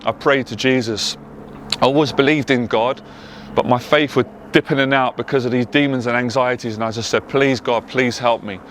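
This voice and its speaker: A man's voice: medium pitch, fairly even intonation, brisk, fairly bright tone, a little hiss or hum. A man with a London accent, a motivational speaker telling his personal story in an earnest, emotional way, stacking up repeated emphatic phrases. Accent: London English. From England. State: tearful at times. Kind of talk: personal testimony monologue.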